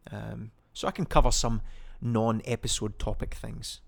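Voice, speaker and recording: A young Scottish podcast host chats casually on his own, rambling with lots of ums and self-corrections. His lowish voice has vocal fry, little pitch movement, and a normal speed.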